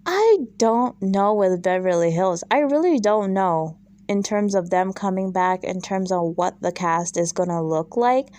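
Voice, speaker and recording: A woman's voice: medium pitch, expressive, a little slow, few pauses, a little mellow, no echo. A woman vlogging a casual, opinionated recap of a reality show, chatty and exasperated, full of fillers and asides.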